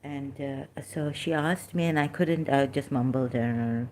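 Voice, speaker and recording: A middle-aged woman with a low, mellow voice talks through religious questions off the cuff. She wanders from point to point, stopping on "uh" and restarting her sentences. It comes across as unscripted commentary. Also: unhurried, a little hiss or hum. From Pakistan. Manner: rambling and hesitant, with frequent fillers and restarts.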